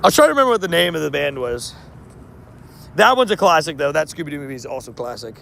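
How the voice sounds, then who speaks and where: Chatty man with a gravelly, fairly high voice. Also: big pitch swings, fast, fairly bright tone, slight background noise. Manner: chatty, laughs often, trips over words. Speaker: mobile game streamer. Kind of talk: casual live-stream chat with viewers.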